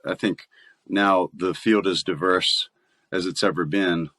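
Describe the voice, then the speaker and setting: A man's voice: deep voice, steady tone, measured pace, a bit bright, no room sound. A man with a Southern US accent, a voice actor chatting casually as an interview guest and laughing often.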